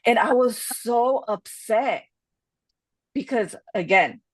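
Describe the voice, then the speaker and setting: A woman's voice: a little high, expressive, takes it slowly, no echo. A woman co-hosting a podcast, telling stories candidly and slipping in Spanish phrases. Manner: chatty, with many "you know" fillers. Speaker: podcast co-host. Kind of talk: casual podcast chat.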